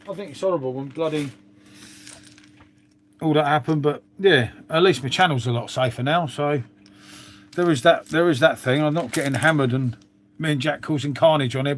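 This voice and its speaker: A middle-aged man with a London accent, hosting a casual live stream and rambling on with plenty of swearing and "mate". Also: a little high. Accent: London English. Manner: rambling, swears, frequent "mate" and tag questions. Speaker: livestream host. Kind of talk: casual chat to live viewers.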